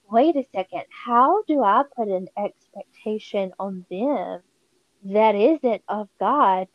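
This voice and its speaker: A woman's voice: mid-range voice, no room sound, highs cut off. A woman guest on a podcast, telling stories animatedly and acting out the people she quotes, in a casual faith conversation. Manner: animated storytelling with quoted voices.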